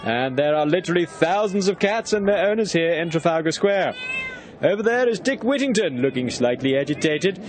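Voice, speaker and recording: Man doing a high, lively race commentator, clear noise behind. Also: a little fast, natural voice. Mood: excited. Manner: excited, commentating. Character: excitable male sports commentator. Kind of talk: mock sports commentary.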